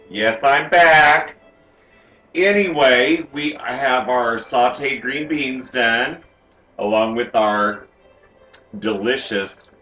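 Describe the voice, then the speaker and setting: A man's voice: medium pitch, bright, forceful tone, echoey room. A man playing a sassy, campy woman home cook who hosts a comic cooking show from a home kitchen and teases the audience as she goes. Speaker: cooking show host character.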